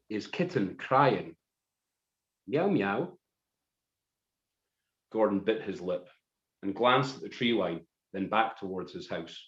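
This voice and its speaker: Man narrating a mock-dramatic tale. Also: fairly low pitch. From Scotland. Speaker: musician reading a story on a live stream. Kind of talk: comic storytelling. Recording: roomy, dull live stream audio.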